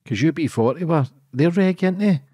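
A man's voice: on the high side, animated, fast, mellow, husky, dry recording. A man hosting a podcast, asking questions casually and bluntly, swearing freely. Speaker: podcast host. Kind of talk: podcast interview.

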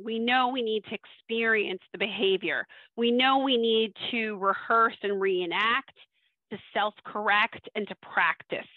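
A woman's voice: medium pitch, no echo. A woman giving a webinar talk as a social skills coach, teaching in a conversational way and often checking in with "right?". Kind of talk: webinar presentation. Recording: dry, phone-like audio.

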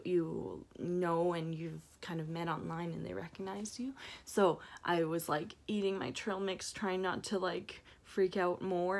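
A woman knitting vlogger in a casual, rambling recap full of fillers and restarts. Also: on the low side.

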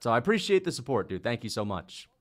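Young guy on a livestream, swears a lot, gets loud and jumpy, mid-pitch voice. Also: fast talker. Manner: loose, swears often, excitable outbursts. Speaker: livestream host reacting to fights. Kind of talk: casual livestream chat, reading donations.

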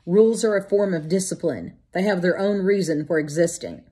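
A woman's voice: on the low side, a little fast, warm tone, close to an everyday voice. A woman reading an audiobook voices a proud, exhausted young man fighting a huge fish, stubborn and gasping.

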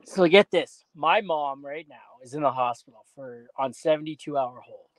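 A man hosting a casual podcast in a high, dry-sounding voice. He talks bluntly and swears freely, laughing his way through his stories. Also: normal speed, no echo, poor audio. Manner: blunt, profane storytelling with laughs. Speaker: podcast host.

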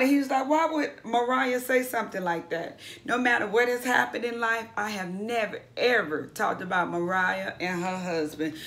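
Bright-voiced woman recapping a show. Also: on the high side, normal speed, hardly any pauses. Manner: chatty, blunt and profane, acts out what the cast said. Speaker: YouTube reality-TV recapper.

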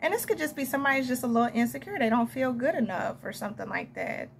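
A young woman with a Southern US drawl gives a casual tarot reading monologue, rambling and chatty, pausing for quick laughs and asides to her viewers. Her expressive, creaky voice sits slightly higher than average, over a faint hiss of noise.

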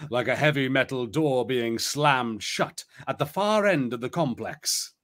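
A man's voice: mid-range voice, expressive, a little slow, hardly any pauses, a bit bright. A man hosting a live play-along stream, chatty and rambling, reading an adventure book aloud. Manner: chatty, rambling, many fillers.

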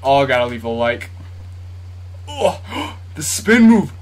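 Playing a basketball video game, a YouTube gamer gives casual commentary straight to his viewers and asks for likes. He jumps between yelps and nervous muttering. His mid-range voice swings hugely in pitch, and he takes it slowly.

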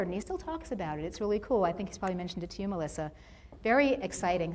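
Lively woman giving a motivational campus talk. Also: a little high. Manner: lively storyteller, acts out quoted voices. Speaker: guest speaker.

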